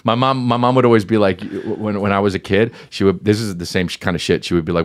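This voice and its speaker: A man's voice: lowish voice, steady tone, quick pace, few pauses. A man chatting as a podcast guest, telling rambling, profane stories and acting out the voices he quotes. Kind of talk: casual chat.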